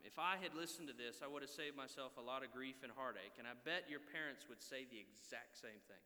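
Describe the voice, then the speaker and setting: A man in his thirties preaching a sermon, earnest and exhorting, often checking in with his listeners with a quick "right?". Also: medium pitch, sharp tone. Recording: long reverb of a large hall.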